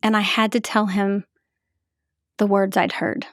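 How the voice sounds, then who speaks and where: A middle-aged woman telling her own story as a podcast host, in a measured, halting, emotional way. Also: medium pitch, little pitch movement, dry recording, studio quality. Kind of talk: reflective personal storytelling.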